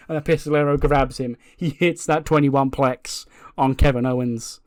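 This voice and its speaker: A man's voice: mid-range voice, fairly even intonation, normal speed, clear, resonant tone, dry recording, studio quality. A man hosting a let's play, narrating a wrestling simulation game in a casual, chatty way and recapping the storylines.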